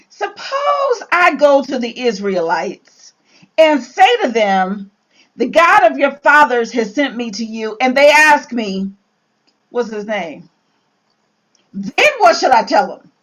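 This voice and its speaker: A woman leading a casual Bible study, reading scripture aloud and riffing on it in an animated way, with sudden exclamations. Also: on the high side, poor audio.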